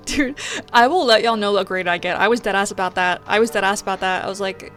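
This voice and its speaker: A young woman streamer chatting casually while gaming, telling a story in an animated way and swearing often. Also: medium pitch, fairly quick, faint music behind.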